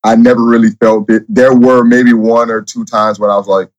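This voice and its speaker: Halting, repetitive man guest. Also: medium pitch, flat delivery, dull audio. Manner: halting, repeats words and restarts often. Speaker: guest, former reality show contestant. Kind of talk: casual interview chat.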